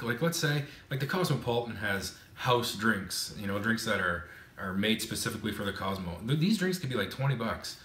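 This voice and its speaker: A man's voice: fairly low pitch, a bit bright. A man from Canada giving frank, casual advice in a chatty monologue with many fillers and restarts. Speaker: vlogger. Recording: roomy echo.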